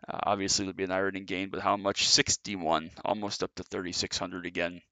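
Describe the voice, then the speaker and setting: Man, deep voice, gravelly fry, bright edge, chatty sim racing commentary, slightly winded. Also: little pitch movement, a little fast, dry recording. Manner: chatty, filler-heavy, self-correcting. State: out of breath. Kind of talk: casual post-race commentary.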